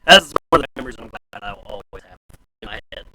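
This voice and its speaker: A man's voice: mid-range voice, lively intonation, very fast, very noisy. A man co-hosting a casual podcast chat, telling stories with lots of laughter and acted-out quotes. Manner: laughing storyteller, swearing, acts out scenes. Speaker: podcast co-host.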